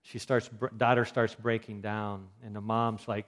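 Man, health talk, storytelling, animated delivery, acts out quotes. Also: fairly low pitch, a little slow.

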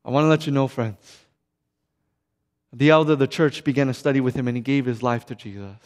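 A man preaching a sermon, telling stories dramatically and swinging from loud to hushed. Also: medium pitch, fairly even intonation, fairly quick. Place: church sanctuary. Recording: long reverb of a church sanctuary.

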